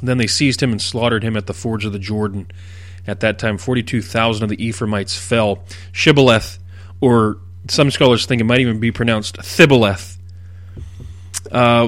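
A middle-aged man hosting a radio Bible teaching program, explaining at a measured pace and leaning hard on key words. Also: medium pitch, a bit bright, no echo. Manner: measured, explanatory delivery with emphatic stresses.

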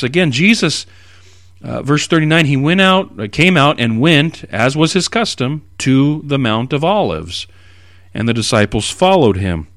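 A man preaching an expository sermon, reading scripture aloud and explaining it with animated emphasis. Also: mid-range voice, no room sound, clean studio sound.

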